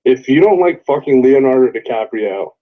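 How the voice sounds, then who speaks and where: A man's voice: medium pitch, animated, moderate pace, phone-quality sound. A man co-hosting a casual wrestling podcast, blunt and swearing freely. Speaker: podcast co-host.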